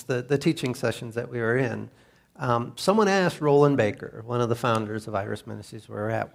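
A man's voice: medium pitch, animated, a little fast, creaky. A man with a mid-range voice co-presents a church talk. He is chatty and explains terms with light humor.

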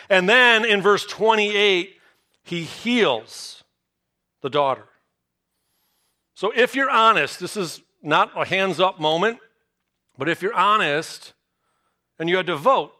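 A man preaching a sermon, telling a Bible story with lively storytelling and acted-out reactions. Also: high voice. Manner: animated storytelling, acts out disciples' reactions. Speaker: pastor.

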